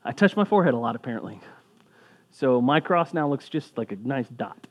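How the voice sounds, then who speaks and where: A man's voice: medium pitch, animated, a little fast. A man preaching as a pastor, talking in a conversational way with asides, his voice rising for emphasis. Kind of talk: sermon.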